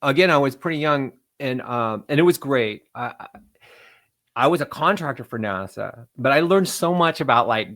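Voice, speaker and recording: A middle-aged man, a game developer as interview guest, telling animated stories and acting out quotes in voices. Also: mid-range voice, moderate pace. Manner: animated, acts out quotes in voices, laughs often. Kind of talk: casual storytelling interview.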